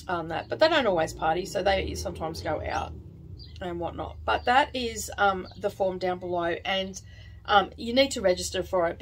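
Chatty rambling woman vlogger. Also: medium pitch. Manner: rambling, chatty, many fillers and asides. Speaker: crafting vlog host. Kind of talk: casual chat to camera.

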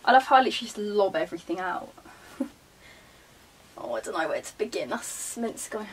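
A woman's voice: mid-range voice, animated, brisk, far from the mic, a little hiss or hum. A young woman, talking casually as a vlogger while sorting her wardrobe, chatting and muttering asides to herself. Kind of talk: casual chat. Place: bedroom beside her wardrobe.

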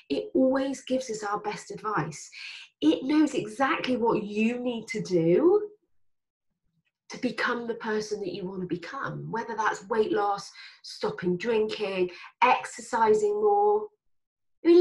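A woman life coach giving a frank, emphatic motivational talk, with casual swearing. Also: a little high. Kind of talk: motivational monologue.

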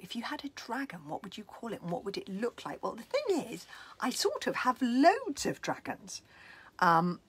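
A woman from London, a children's author, reading her book aloud and answering questions at home over a video call, swinging between loud and whispered. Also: medium pitch, slightly rough. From London, England. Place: home, indoors.

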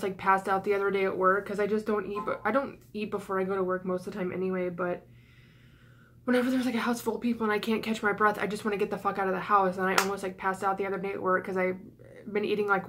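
A young woman venting to her camera in an emotional vlog rant. She sounds flustered and out of breath, rushing her words between sighs and swearing. She is stressed and close to tears, with her voice cracking. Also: mid-range voice. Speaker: YouTuber.

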